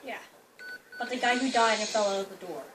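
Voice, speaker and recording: A young woman chatting casually while playing a game, excitable, screaming and laughing. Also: on the high side, a little fast. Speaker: game player. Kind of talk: casual gameplay chat. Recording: distant mic with loud noise.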